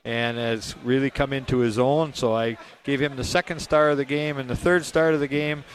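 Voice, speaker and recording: A man giving relaxed, rambling post-game hockey analysis on radio, chuckling now and then. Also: mid-range voice, normal speed, a little hiss or hum.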